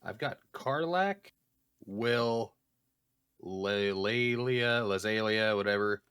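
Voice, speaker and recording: A man's voice: on the low side, takes it slowly, a bit bright, smooth, no room sound, clean studio sound. A man co-hosting a gaming podcast, reacting and joking in casual chat. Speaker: podcast co-host.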